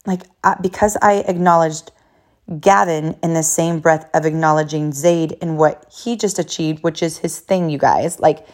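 A woman's voice: deep voice, darkish tone. A woman in her thirties, a mother telling a story about her sons to viewers in a chatty way, full of fillers and quoted voices.

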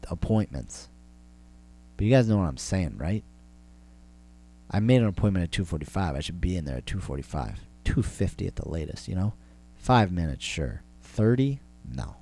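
A man's voice: deep voice, warm tone. A young adult man hosting a podcast, delivering a profane, exasperated comedic rant full of repetition. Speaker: podcast host. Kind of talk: comedic ranting monologue.

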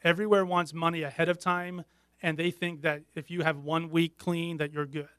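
A middle-aged man speaking as a guest in a candid interview, earnest and halting, often restarting his sentences. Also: a little high, level tone, a bit bright, smooth, no echo, studio quality.

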